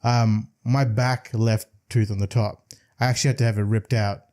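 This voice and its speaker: A man co-hosting a podcast in casual chat, explaining things in a relaxed, loose way with fillers. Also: on the low side, normal speed. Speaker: podcast co-host.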